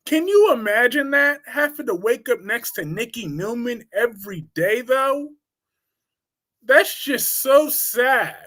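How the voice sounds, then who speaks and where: A high-voiced man hosting a casual live stream and answering comments from the chat. His manner is blunt, crude and gossipy. He teases a lot and his volume swings quickly between outbursts and quiet asides. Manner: teasing, quick swings in loudness. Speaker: host of a live soap opera talk stream.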